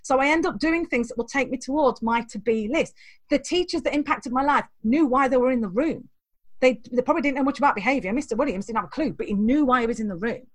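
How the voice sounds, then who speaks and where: A woman in an interview, telling animated stories from her life and acting out the voices of the people in them, often laughing. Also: sits high, fast talker, dry recording. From England. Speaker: guest, teacher trainer. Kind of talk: storytelling interview.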